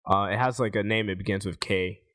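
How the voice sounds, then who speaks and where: A man's voice: on the low side, steady tone, a little fast, fairly bright tone. A man hosting a casual podcast, thanking guests and rambling through plugs with lots of fillers. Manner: loose, rambling, jokey, with many fillers. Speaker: podcast host.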